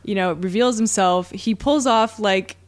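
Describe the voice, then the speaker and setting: A woman's voice: medium pitch, a little slow. A woman co-hosting a casual film podcast, easygoing, with short reactions and laughs. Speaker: podcast co-host.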